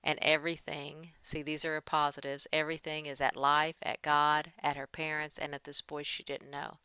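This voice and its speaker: A woman's voice: low-pitched, flat delivery, normal speed, sharp tone, clean tone, no room sound. A woman giving a writing lesson, talking through edits as she works and reading draft passages aloud. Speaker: writing teacher. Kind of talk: screen-share editing lesson.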